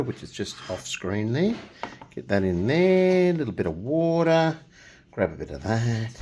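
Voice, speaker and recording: A middle-aged man talks through a casual painting lesson in a low voice that jumps around with lively intonation. He keeps up a joking, chatty commentary while he works and drifts into humming silly nonsense tunes. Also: a little hiss or hum. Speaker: painting tutorial host.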